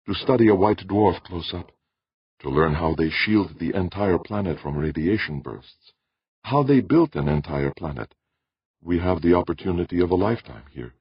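An earnest woman scientist, played by a man, soft and eager, with a husky, breathy tone. The sound is dull and dry. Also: sits low, no room sound, pitched above the performer's own voice, heavily acted.

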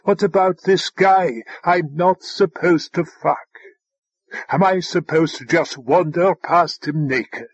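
A man's voice: a little high, slow pace, husky, no echo, dull audio. A man voicing a flamboyant, willful young woman in an audiobook, with dramatic exclamations. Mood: indignant. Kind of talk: audiobook character voice.

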